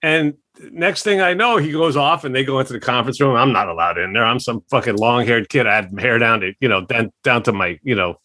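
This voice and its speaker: A man, a record executive, telling a profane, animated story in a casual interview, acting out the quotes. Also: mid-range voice, fairly quick, dry recording.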